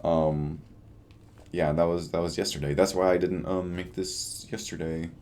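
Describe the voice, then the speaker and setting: A man's voice: low voice, little pitch movement, normal speed, darkish tone. Tired young man rambling in a video diary. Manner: rambling, self-deprecating, trails off. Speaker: vlogger.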